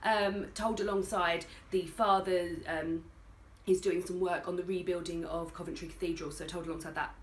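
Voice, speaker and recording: A woman's voice: fairly low pitch, fairly even intonation, fast. A young British woman chatting frankly about books she has read, often laughing. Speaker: book vlogger. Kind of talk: casual book review chat. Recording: echoey room with faint noise.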